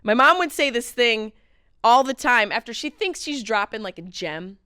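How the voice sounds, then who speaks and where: Woman comic host in her late thirties, higher voice, crisp and dry, lively swings from shouts to mutters. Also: moderate pace, no room sound. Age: late 30s. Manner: animated, wry, mimics others in mock voices; swings between loud outbursts and low mutters. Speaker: podcast host. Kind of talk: comedic monologue.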